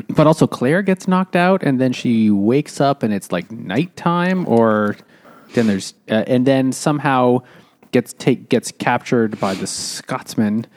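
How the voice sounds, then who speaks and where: A man's voice: mid-range voice, slow, a little mellow. A man co-hosting a casual book podcast, rambling through plot recaps and acting out quotes. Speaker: podcast co-host. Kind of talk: casual book-club chat.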